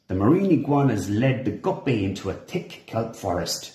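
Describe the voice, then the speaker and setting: A man reading a children's storybook aloud, expressive and animated. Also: lowish voice, moderate pace, few pauses, echoey room. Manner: expressive, animated character voices. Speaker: storybook reader. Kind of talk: children's read-along narration.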